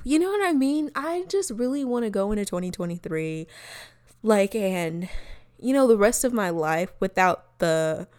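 A young woman hosts a podcast in a loose, personal chat, swearing freely and drifting into reflective asides. Her voice is smooth and clear, of medium pitch. The sound is dry and close, with no room around it. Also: expressive, no echo. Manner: candid, profane, laughs often, drawn-out reflective asides. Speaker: podcast host.

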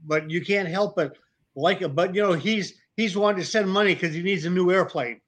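A man's voice: sits high, a little fast, a bit bright. A man in casual chat, easygoing and wry.

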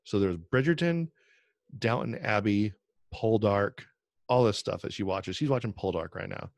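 A man's voice: fairly low pitch, normal speed, vocal fry, no echo. A middle-aged man co-hosting a podcast, telling rambling stories and laughing often. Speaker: podcast co-host. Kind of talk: casual chat.

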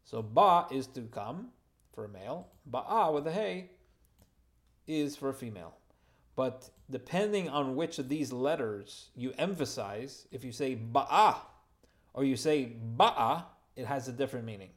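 A man teaching a Torah lesson at an ordinary middle pitch, working through the text verse by verse. He reads each Hebrew phrase, then translates it into plain English. He adds casual, lightly humorous asides along the way. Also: lively intonation, moderate pace. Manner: informal asides and gentle humor.

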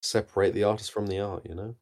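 A man's voice: on the low side, fairly even intonation, fast, a little mellow. A man co-hosting a podcast, chatting eagerly about films, often repeating words and talking over others. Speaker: podcast co-host. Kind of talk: casual film chat.

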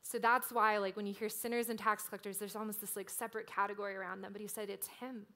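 A woman preaching a sermon in a casual, conversational way, often filling pauses with "like". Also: mid-range voice, level tone, pushed and bright. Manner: conversational, frequent "like" fillers.

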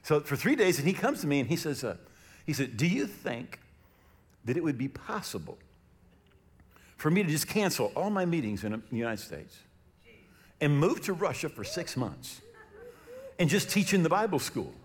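A middle-aged male pastor preaching a sermon, telling stories and acting out the voices in them loudly. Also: on the high side, normal speed, pauses often, slightly rough. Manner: animated storytelling, acts out quoted voices loudly.

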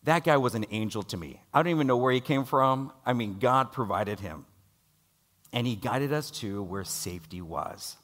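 In his sermon, a middle-aged man relates something from his own life, booming during dialogue and turning soft and low when expressing worry. His delivery is expressive and at normal speed.

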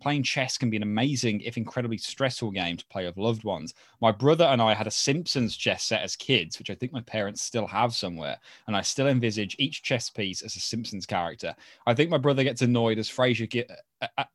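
A man's voice: medium pitch, dry recording, studio quality. A man co-hosting a casual podcast, joking around and reading listener mail aloud. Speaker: podcast co-host.

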